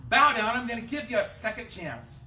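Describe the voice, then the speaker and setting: A man's voice: very high-pitched, sing-song, brisk, sharp tone, slight background noise, pitched above the performer's own voice, heavily acted. A pastor putting on a blustering tyrant king. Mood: indignant. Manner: blustering, commanding. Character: boastful angry ancient male king. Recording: echoey room, mic at a distance.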